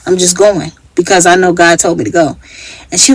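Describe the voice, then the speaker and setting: A woman's voice: fairly low pitch, fairly even intonation, a little fast, low-quality recording. A woman from Chicago with a Chicago accent, telling a personal story in a casual, chatty way and acting out what others said. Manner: chatty, acts out quoted voices. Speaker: vlogger.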